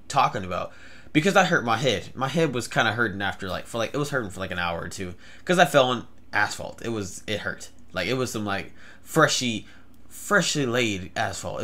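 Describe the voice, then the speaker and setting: A young man rambles through a story-time vlog, full of "like" and stammered restarts. His voice is mid-pitched with a bright edge. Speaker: vlogger.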